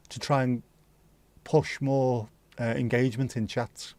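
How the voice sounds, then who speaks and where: Middle-aged Scouse male streamer, loose rambling sweary chat, mid-pitched, dry sound. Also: fairly even intonation, unhurried, a little mellow, dry recording. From Liverpool, England. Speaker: livestream host. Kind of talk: casual chat to live chat.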